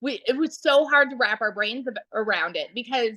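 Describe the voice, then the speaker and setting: A chatty woman in her thirties, speaking high and bright, with a sharp, forward tone. She tells her story in a loose, excited way and keeps turning to speak to the viewers. The sound is dry and close. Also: normal speed, no room sound. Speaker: guest sharing her story. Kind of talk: casual livestream interview.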